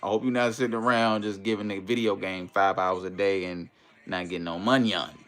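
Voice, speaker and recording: A man hosting a casual livestream in a relaxed, easygoing way, reading viewer comments aloud and greeting them. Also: low voice, brisk. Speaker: livestream host.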